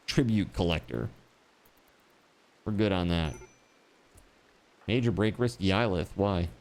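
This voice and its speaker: A man streaming a game, chatting casually and joking, swearing freely. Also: mid-range voice. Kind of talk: casual chat while gaming.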